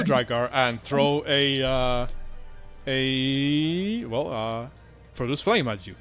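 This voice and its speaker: A man running a tabletop game, talking in a casual, unpolished way with plenty of fillers and swearing. His voice is bright and clear, and soft music plays in the background. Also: mid-range voice. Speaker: dungeon master.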